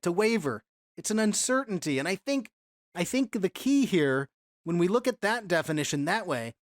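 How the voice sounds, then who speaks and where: A man's voice: high-pitched, no room sound, studio quality. A man teaching a Bible lesson in a conversational way, reading scripture aloud with emphasis and asking rhetorical questions.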